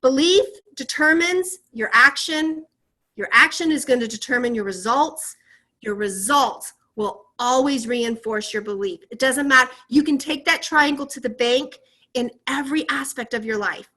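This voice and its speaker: A woman's voice: high-pitched, moderate pace. A woman leading a motivational training on a video call, encouraging her team and asking them questions. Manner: energetic and encouraging, asks the audience questions. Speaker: team leader coaching a sales team.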